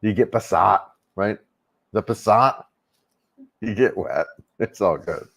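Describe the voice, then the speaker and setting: A man's voice: lowish voice, takes it slowly, gravelly, a bit bright. A middle-aged man hosting a casual travel livestream, rambling easily with lots of fillers and restarts.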